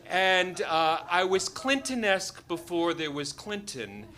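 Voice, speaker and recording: Man, storyteller on stage, wry, self-deprecating, lively swooping voice, bright tone. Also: high voice, a little slow. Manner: animated, wry and self-deprecating, acting out scenes. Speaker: doctor and storyteller. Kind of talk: live personal storytelling.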